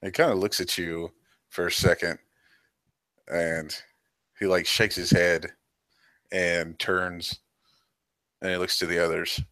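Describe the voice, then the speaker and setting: A man's voice: low-pitched, little pitch movement, slow pace, long pauses, pushed and bright, dry recording. A man narrating a tabletop game as game master, in a loose, hedging way.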